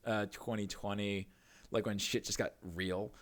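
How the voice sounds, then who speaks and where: A man chatting as a podcast guest, lower-pitched than most, telling anecdotes with lively energy. He laughs often and swears casually, jumping between quoted voices. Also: measured pace. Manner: animated storytelling with laughs and swearing. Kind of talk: casual chat.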